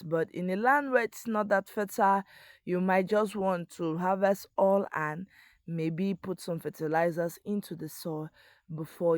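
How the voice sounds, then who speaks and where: A woman's voice: lowish voice, no room sound. A woman explaining how to plant crops in an earnest instructional voice-over, speaking straight to the viewer. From Africa. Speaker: agriculture video host. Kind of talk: voice-over explaining crop farming.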